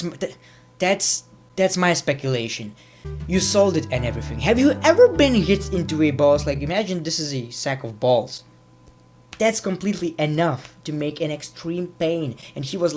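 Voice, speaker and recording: A man doing casual, rambling reaction commentary as a YouTuber, laughing at the clips he shows. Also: on the high side.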